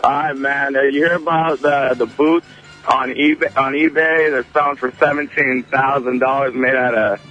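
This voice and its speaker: A man calls in and rambles hesitantly in a flat, even voice. The phone line dulls his sound, with faint music behind. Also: medium pitch, moderate pace, long pauses. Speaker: caller. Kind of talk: phone call to a radio show.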